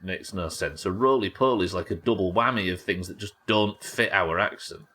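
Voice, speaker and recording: A man's voice: deep voice, moderate pace, bright, forceful tone. An English man casually commentating a live game stream, wry and sweary, bantering with his viewers as he plays. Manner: wry, sweary, chatting to viewers while playing.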